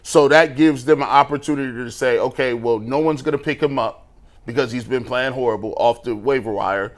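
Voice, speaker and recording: A man's voice: mid-range voice, brisk. A man co-hosting a sports talk show, dismissive and sarcastic toward online critics. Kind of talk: casual sports debate.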